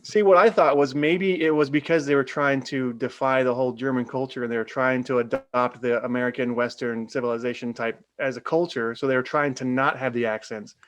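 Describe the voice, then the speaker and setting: A man's voice: mid-range voice, steady tone, a little fast, few pauses. A man co-hosting a casual film podcast, speaking in a hesitant way with fillers. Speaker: podcast co-host.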